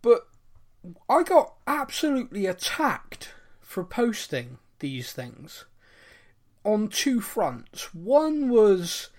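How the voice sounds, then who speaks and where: Male podcast host, lively ranting delivery, wide pitch swings. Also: drawn-out words. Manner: animated, ranting, jokey. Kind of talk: casual chat.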